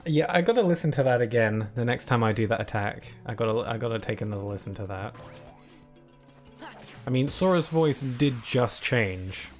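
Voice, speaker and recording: Faint music plays behind a young streamer as he casually comments on the game he's playing, rambling and often restarting sentences. His medium-pitched voice is expressive, at a moderate pace.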